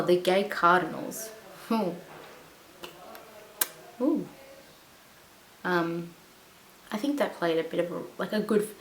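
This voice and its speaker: A woman talks casually to her camera, rambling with plenty of fillers and restarts. Her pitch sits in the middle range. The room is echoey, and a faint hiss runs underneath. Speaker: vlogger. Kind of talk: casual chat.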